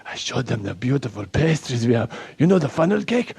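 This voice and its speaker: A man voicing an excitable, proud Slovak man with a Slovak accent who speaks broken English, gushes and panics easily. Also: medium pitch, a little fast, creaky, husky, heavily acted.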